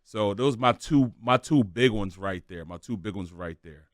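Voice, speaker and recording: A man's voice: lowish voice, dry recording. Chatty St. Louis-raised man, dry studio. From St. Louis, USA. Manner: loose and chatty, quick to laugh. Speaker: sports radio co-host. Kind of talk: casual sports talk.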